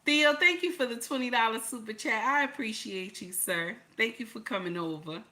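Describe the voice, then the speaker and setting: A woman's voice: a little high, moderate pace, noisy background. A woman hosting a livestream, preaching in a blunt, colloquial way. She repeats her points and fires off rhetorical questions. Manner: emphatic, repeats lines and asks rhetorical questions. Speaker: livestream host.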